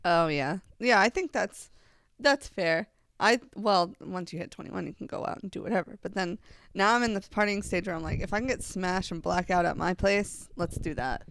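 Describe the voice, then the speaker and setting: A woman's voice: lowish voice, fairly bright tone, dry recording. A woman in her twenties co-hosting a podcast, chatting eagerly and often chiming in with agreement. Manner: enthusiastic, agreeable, quick back-channel replies. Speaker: podcast co-host. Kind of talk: casual chat.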